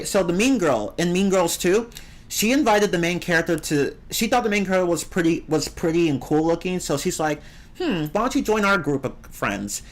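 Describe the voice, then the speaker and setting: Opinionated streamer chatting loosely with viewers, lively, swooping delivery. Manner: rambling and opinionated, with swings in pitch; reads and answers the chat. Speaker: game streamer. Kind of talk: casual live-stream chat.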